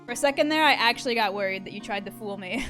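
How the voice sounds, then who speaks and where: A woman's voice: a little high, fast talker. A young woman streaming a game, chatting casually, giggling and swearing freely. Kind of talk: casual let's-play commentary. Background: game music.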